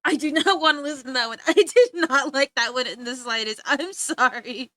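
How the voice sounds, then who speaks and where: A woman's voice: high voice, moderate pace, fairly bright tone, no echo. A woman streaming live while she draws, chatting casually and playfully, giggling and making exaggerated complaints.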